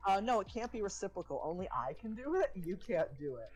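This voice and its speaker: A man's voice: sits high, very animated, fairly quick, a little mellow, husky. A young man chatting casually on a stream, flustered and laughing at himself, his voice cracking now and then. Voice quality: voice cracks at times. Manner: flustered, laughing, self-deprecating. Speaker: guest streamer.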